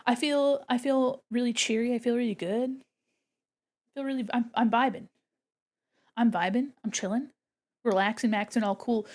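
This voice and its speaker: A woman streams live while painting digital art, chatting casually with her viewers and thinking aloud. Her high voice swings hugely in pitch, and she talks unhurriedly with long pauses, bubbly and rambling, giggling often.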